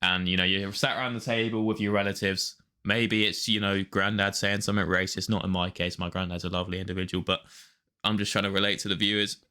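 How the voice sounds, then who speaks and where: A man's voice: deep voice, flat delivery, fast talker, bright, forceful tone. A young man co-hosting a casual podcast, chatty and enthusiastic, laughing easily. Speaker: podcast co-host. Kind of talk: casual chat.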